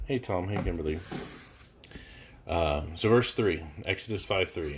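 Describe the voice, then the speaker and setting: A man's voice: sits low, measured pace, pauses often, a little hiss or hum. A man leading a live verse-by-verse Bible study, talking casually with many fillers and restarts. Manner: casual, thinking aloud with frequent fillers and restarts.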